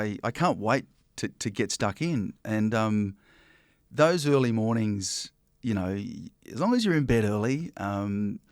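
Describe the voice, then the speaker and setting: An Australian broadcaster speaks at medium pitch in a casual interview chat, often saying "um" and restarting his sentences. The recording is studio quality, with no room sound.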